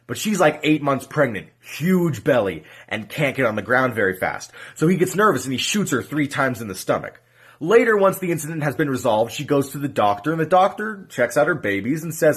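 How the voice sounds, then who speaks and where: Fast-talking husky man telling a joke. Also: mid-range voice, big pitch swings. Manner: brisk, does character voices. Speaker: joke teller.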